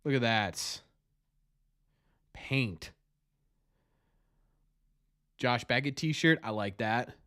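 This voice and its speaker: A man hosting a fan show, commenting live on a game as he watches, nervous and excitable, repeating his cheers. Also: medium pitch, drawn-out words, pauses often, dry recording, clean studio sound.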